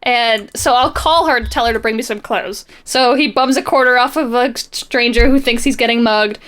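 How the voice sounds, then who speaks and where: A woman's voice: a little high, moderate pace, a bit bright. A young woman co-hosting a podcast, chatting casually and sarcastically while recapping a comic, laughing often. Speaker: podcast co-host.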